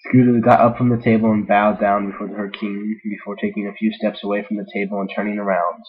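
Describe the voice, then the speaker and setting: A man's voice: lowish voice, level tone, fast. A man reading fan fiction aloud in a casual way, with self-deprecating, joking asides. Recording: dull lo-fi recording.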